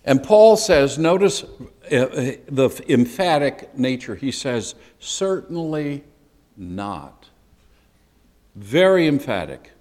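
A man, a pastor, teaching a sermon in an animated, emphatic and conversational way. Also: medium pitch, measured pace, big-room sound.

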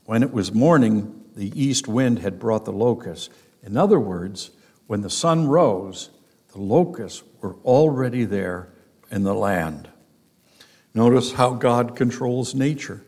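Slow, emphatic male Bible teacher. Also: lowish voice, darkish tone, slightly rough. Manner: emphatic, slow and deliberate, stressing key words. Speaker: pastor.

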